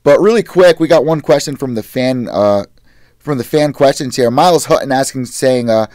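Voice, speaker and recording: A man's voice: mid-range voice, lively intonation, moderate pace, a little mellow, dry recording, studio quality. An American man hosting a podcast, chatting in an enthusiastic, profane, conversational way. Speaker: podcast host. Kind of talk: casual podcast chat.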